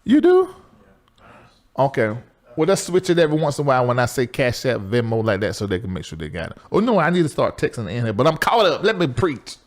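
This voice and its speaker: A middle-aged man, hosting a live call-in talk show in a loose, chatty way, jumping between loud exclaims and low asides. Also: wildly swooping pitch, fairly quick. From Southern US.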